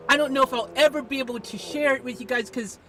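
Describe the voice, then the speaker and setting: A woman live streamer talking to her viewers and an AI assistant in an excitable, exasperated way, swinging between shouting and muttering. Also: high-pitched, fast talker. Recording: distant mic, faint background noise.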